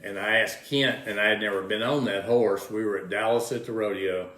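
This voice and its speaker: A man's voice: lowish voice, steady tone, brisk, fairly bright tone. An older man, telling folksy rodeo stories as an interview guest, repeating words as he goes. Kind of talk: casual storytelling. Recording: roomy echo.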